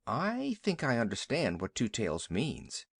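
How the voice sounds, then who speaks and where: A man's voice: mid-range voice, huge pitch swings, a little slow, vocal fry, husky, dry recording, exaggerated voice. A man voicing a proud male cavalry troop horse with a clipped, haughty manner.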